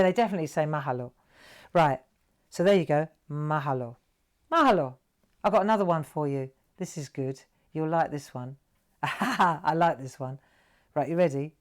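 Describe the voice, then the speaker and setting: A woman with a notably low voice hosts a live craft tutorial. She chats warmly to her viewers as she draws, coaxing them along and checking they can follow. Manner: chatty, encouraging, talks to viewers while drawing. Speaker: craft show host.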